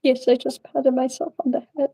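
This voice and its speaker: A woman's voice: high-pitched, little pitch movement, brisk, dark tone, breathy edge, rough recording. A young woman puppeteer chatting casually on a live-stream Q&A, rambling and laughing as she talks.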